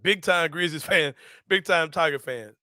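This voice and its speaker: High bright-voiced man laughing. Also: moderate pace, dry recording, clean studio sound. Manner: loud, laughing storyteller, swears freely. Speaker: host. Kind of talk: casual sports chat.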